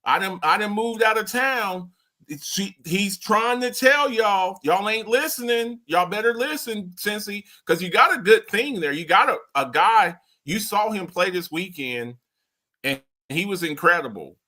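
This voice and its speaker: A man hosting sports talk, ranting in an animated way with big swings of pitch and loudness. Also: a little slow. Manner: loud, excitable, swings high and low in pitch, slips into mock voices.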